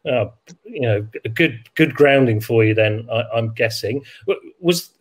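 A male host with an average-pitched voice puts questions to his guest. He stammers and restarts, casual and friendly in tone. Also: expressive, unhurried. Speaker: podcast host. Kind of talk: casual interview.

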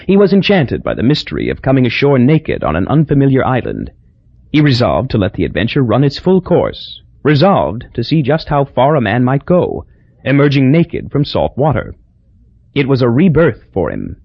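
A man with a husky, gravelly voice narrating an audiobook in a wry, measured way. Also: medium pitch, huge pitch swings, no echo. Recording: dull lo-fi dry audio.

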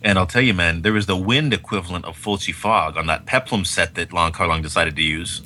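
Podcast co-host, male, deep and crisp-toned, chatty and excitable, faint hiss behind. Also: a little fast. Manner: enthusiastic, rambling, peppered with fillers and "man". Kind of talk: casual film-review chat.

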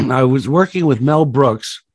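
Here a male voice actor, interviewed as a guest, tells anecdotes at a measured pace with a medium pitch, wandering off track with fillers and restarts. He's lively and chuckles at his own tales, captured in a dry recording without room sound.

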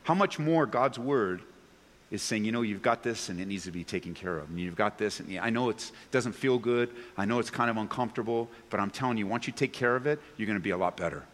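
A man preaching a sermon to a congregation, animated, swinging between loud excited bursts and low earnest tones. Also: fast. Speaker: pastor. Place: church sanctuary before a congregation. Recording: long reverb of a large hall.

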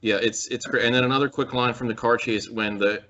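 A man chatting casually about a movie, animated, with many "like"s and casual swearing. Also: medium pitch, fast talker. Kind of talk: casual movie review chat. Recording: dull lo-fi sound.

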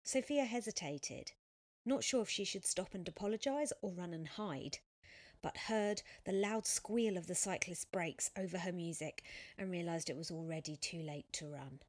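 A woman reading a story aloud as narrator, in a measured, even voice. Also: lowish voice. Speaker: audiobook narrator. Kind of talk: scripted narration.

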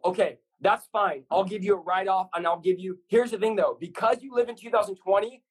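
A man's voice: high voice, brisk, hardly any pauses, husky, rough recording. A man in his thirties, a pastor telling his story as a guest, passionate and rambling in a preacherly way. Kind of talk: fast energetic testimony sharing.

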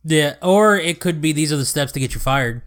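Laid-back man, slightly high voice. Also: animated, fairly quick. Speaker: friend listening. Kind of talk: casual chat.

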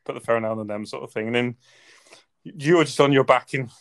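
A man, a podcast guest telling his side in casual chat, loose and quick with "sort of thing". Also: medium pitch. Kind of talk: casual storytelling.

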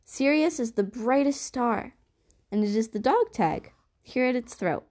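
A woman's voice: on the high side, expressive, unhurried, darkish tone. An enthusiastic uncle who adores the heavens speaks with wide-eyed wonder, as a woman narrator puts him on. He takes his time and savors every detail of his storybook tale. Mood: eager. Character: enthusiastic stargazing uncle, adult man.

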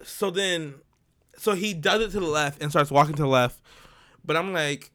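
In casual podcast chat, a male co-host with a fairly high voice narrates a story at a normal pace. He's energetic, often laughing and voicing the lines people said.

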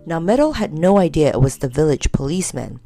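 Gravelly woman reading a children's story. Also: low voice, fast, soft background music. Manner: lively, expressive storybook reading.

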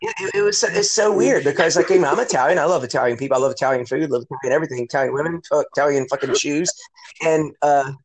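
A man's voice: a little high, racing. A middle-aged man hosting a podcast, telling a long story in casual, rambling chat that is full of swearing, "like" and "you know".

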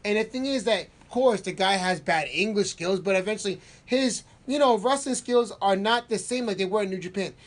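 A man's voice: high-pitched, fairly quick, hardly any pauses. A man giving opinions in a casual podcast chat, often asking "you know what I mean". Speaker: podcast co-host.

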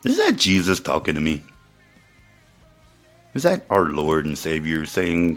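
A man's voice: extremely low pitch, huge pitch swings, unhurried, pauses often, faint music behind. A man telling a rambling, profane story straight to his viewers, in a crude and emphatic way. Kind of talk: profane casual monologue to viewers.

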